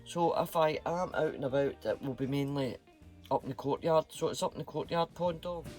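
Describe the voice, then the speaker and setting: A man's voice: fairly high pitch, a little fast, over music. A Scottish man chatting casually to camera as a vlogger, dropping Scots slang words as he talks.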